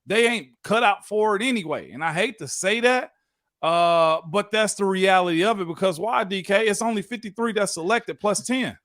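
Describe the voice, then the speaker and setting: A man, a former pro football lineman, co-hosts a casual sports talk show in an animated, folksy way and keeps asking if you follow him. His voice sits a little high for a man. It is recorded close and dry, with no room sound. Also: normal speed, no echo. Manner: animated, folksy, repeats "you know what I'm saying".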